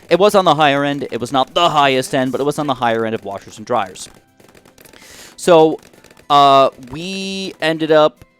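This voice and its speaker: A young man casually retelling a frustrating story to his viewers, animated and exasperated, with many fillers and restarts. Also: mid-range voice. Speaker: YouTube gaming vlogger.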